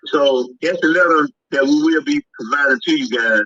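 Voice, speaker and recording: A man guest on a talk show who speaks deliberately and spells out details letter by letter. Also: fairly high pitch, sharp tone, husky, highs cut off.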